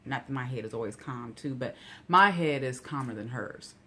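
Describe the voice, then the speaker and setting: Woman, low voice, casual vlog rant, rambling storytelling, incredulous asides. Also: normal speed. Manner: chatty and rambling, full of "you know" asides; gets animated and incredulous when outraged. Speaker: vlogger.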